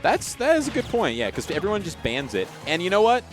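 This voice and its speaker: A man commentating a fighting game tournament in casual chat with a co-caster, animated and quick to jump up in pitch when excited. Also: soft background music. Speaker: esports commentator.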